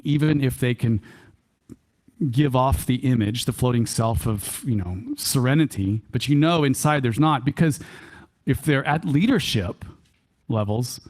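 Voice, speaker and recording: Animated male workshop speaker with a Texan accent. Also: medium pitch. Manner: animated, repeats key phrases for emphasis; chuckles often, folksy asides. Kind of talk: church workshop talk. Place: church hall.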